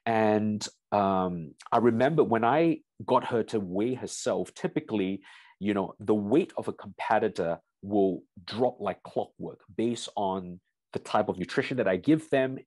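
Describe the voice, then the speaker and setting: A man with a somewhat low, husky voice lectures as a strength coach in a seminar. He speaks straight to his listeners and tells a client story in an easy, conversational way. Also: moderate pace, a little mellow, no room sound. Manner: storytelling, addresses audience as "you guys".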